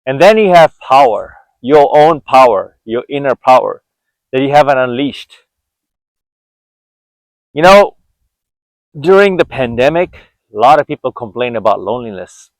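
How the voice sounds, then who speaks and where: A man's voice: medium pitch, expressive, unhurried, pauses often, no echo, low-quality recording. A man in his forties giving an earnest, reflective walk-and-talk monologue outdoors, often restarting his sentences. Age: 40s. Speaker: vlogger.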